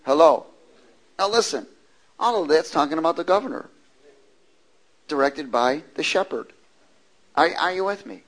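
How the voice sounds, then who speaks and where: In a fairly high, lively voice, a preacher reads scripture and delivers a sermon, stretching scripture words slowly, punching others with sudden loudness, and calling on the congregation to respond. The recording quality is low.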